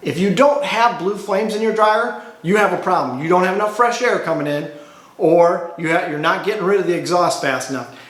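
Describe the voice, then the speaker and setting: Laundromat owner vlogging, fed-up rant, high-pitched male voice, echoey room. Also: a little fast, a bit bright. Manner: exasperated, ranting, rhetorical questions. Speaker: laundromat owner and channel host. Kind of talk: casual talk-to-camera vlog.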